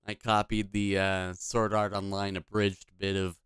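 A man's voice: deep voice, level tone, measured pace, few pauses, a bit bright, smooth, no room sound, clean studio sound. A man casually commenting on a video game he is playing, blunt, profane and rambling. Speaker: gaming video host.

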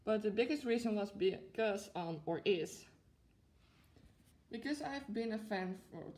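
A woman in her twenties, a plush collector vlogger, talks to camera while unboxing a collectible. Her mid-range voice is animated and darkish, a little slow, and she gushes and giggles often between lots of fillers.

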